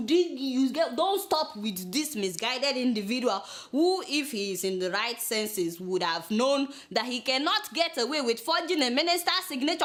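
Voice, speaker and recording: Comic news host, woman, high lively delivery with mock outrage. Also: a little fast, hardly any pauses. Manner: animated, mock-outraged, scolds her producer. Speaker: satirical news show host.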